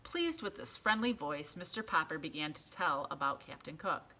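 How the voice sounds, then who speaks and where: Woman reading aloud, children's book, lively pitch, bright tone, fairly low voice. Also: moderate pace, hardly any pauses. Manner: expressive, animated storytelling. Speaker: reader.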